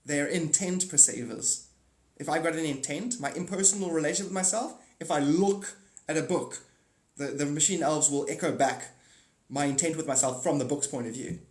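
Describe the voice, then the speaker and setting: A man hosting a live stream, talking in a rambling monologue, animated and swinging between loud outbursts and muttered asides. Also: on the high side, brisk, roomy sound.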